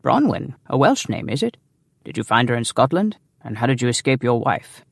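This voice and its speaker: A man voicing a sly, teasing English nobleman with a deep voice. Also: sing-song, moderate pace, gravelly, no echo, studio quality. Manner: mocking, playful.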